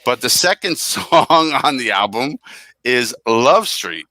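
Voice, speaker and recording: A man's voice: mid-range voice, lively intonation, slow pace, sharp tone, no room sound. A middle-aged man co-hosting a casual music podcast, talking earnestly and drifting into tangents. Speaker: podcast co-host.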